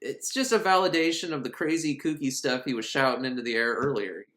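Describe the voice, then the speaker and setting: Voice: mid-range voice, a little fast, a bit bright, echoey room. A film reviewer recapping a movie in a casual, sarcastic, comedic way, often laughing.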